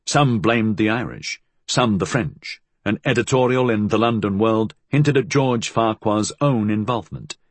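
A man narrating an audiobook in an expressive, measured reading. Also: lowish voice, husky, no room sound.

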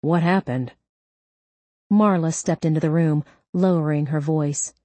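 A woman narrating a crime novel audiobook in a steady, measured way. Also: sits low, no echo.

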